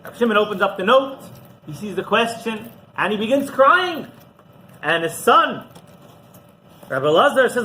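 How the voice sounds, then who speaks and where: A man, a rabbi, teaching a class through an animated story and often checking in with the listeners. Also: sits high, normal speed, pauses often, a little hiss or hum, rough recording. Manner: animated storyteller who often asks "right?".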